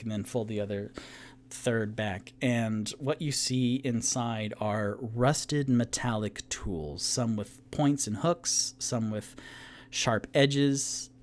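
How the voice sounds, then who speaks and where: A man acting as game master, narrating a solo tabletop game in loose, halting descriptions. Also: medium pitch, darkish tone.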